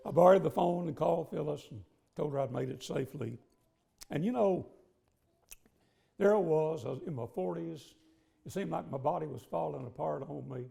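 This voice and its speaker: A man in his fifties preaching a sermon in a church, telling a personal story in a folksy, conversational way with frequent pauses. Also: a little high, dark tone. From southern United States. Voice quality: gravelly. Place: church sanctuary.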